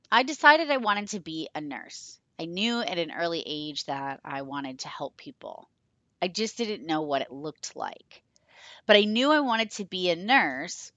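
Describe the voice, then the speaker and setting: Bright-voiced enthusiastic woman podcast host. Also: on the low side, dry recording. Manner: enthusiastic, chatty storyteller. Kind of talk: podcast intro monologue.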